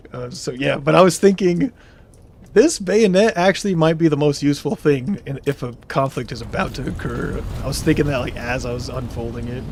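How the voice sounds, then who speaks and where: A man's voice: on the high side, normal speed, a little mellow, slight background noise. A young man streaming, telling a story casually and reading chat comments aloud, laughing now and then.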